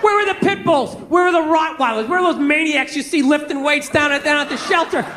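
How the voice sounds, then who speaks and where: A male stand-up comic with a very high voice, ranting in an exasperated, profane way. The audience laughs, and noise rises from the room during the live show. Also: a little fast, a crowd in the background. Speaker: stand-up comedian. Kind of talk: stand-up comedy set.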